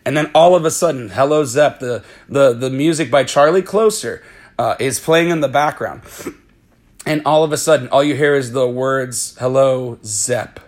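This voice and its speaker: A man casually recapping a movie plot, animated, acting out the characters' lines and swearing freely. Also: medium pitch, moderate pace. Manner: animated retelling with acted-out quotes.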